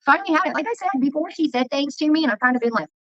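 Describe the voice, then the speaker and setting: A woman rants through a casual livestream, swearing as she tells her stories. Her voice is bright and sharp, and it sits a little high. The sound is dull and lo-fi, with a dry, close feel. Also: animated, rapid-fire, dry recording. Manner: profane, heated storytelling. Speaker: vlogger.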